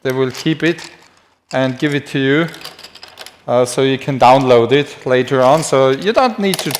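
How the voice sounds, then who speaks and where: A man's voice: mid-range voice, unhurried, slight background noise. A man who speaks natively gives a live-streamed anatomy lecture in English, chatty and self-deprecating, writing on a board as he talks.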